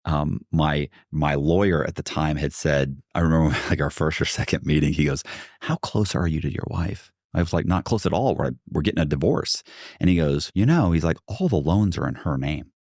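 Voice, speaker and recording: A man's voice: very deep voice, moderate pace, darkish tone, no echo, clean studio sound. A man guest in a podcast interview, telling a long story animatedly and acting out what others said, with many fillers and restarts.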